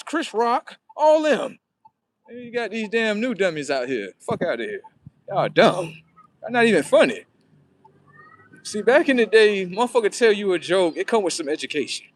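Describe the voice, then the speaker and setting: Male livestream host, higher than usual voice, loose and profane, rambling and preachy. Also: very animated, normal speed, pauses often. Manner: profane, rambling, talks back to viewers. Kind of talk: casual livestream monologue.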